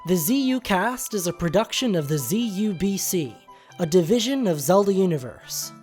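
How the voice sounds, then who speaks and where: A woman's voice: fairly low pitch, animated, moderate pace, a little mellow, faint music behind. A woman reading a scripted podcast outro in an upbeat announcer manner. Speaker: podcast host.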